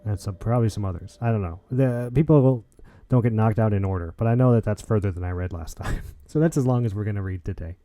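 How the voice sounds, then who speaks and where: Guy hosting a game podcast, mellow voice, jokey and hyped, real dry sound. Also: lowish voice, quick pace, no room sound. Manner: excitable, jokey, trailing restarts. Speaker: podcast host. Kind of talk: casual podcast chat and wrap-up.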